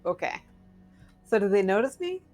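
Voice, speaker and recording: A woman's voice: medium pitch, big pitch swings, moderate pace, a little mellow, faint music behind. Inquisitive woman playing a tabletop game. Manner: inquisitive, polite. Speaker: player.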